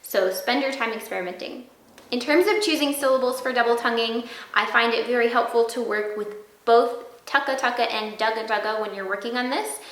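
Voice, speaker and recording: A woman flute teacher giving a clear, step-by-step lesson and sounding out practice syllables. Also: on the high side, fairly bright tone, roomy sound, low-quality recording. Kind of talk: instructional video lesson.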